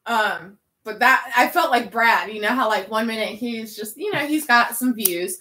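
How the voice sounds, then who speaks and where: Chatty woman with a bright voice. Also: on the high side, normal speed, poor audio. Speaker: co-host. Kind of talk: casual chat.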